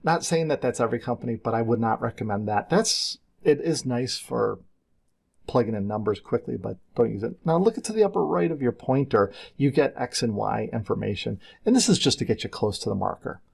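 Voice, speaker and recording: A middle-aged man teaching a software class in a screen-recorded tutorial, talking casually and drifting into side stories. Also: medium pitch, animated, fairly quick, gravelly, breathy edge. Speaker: CAD instructor.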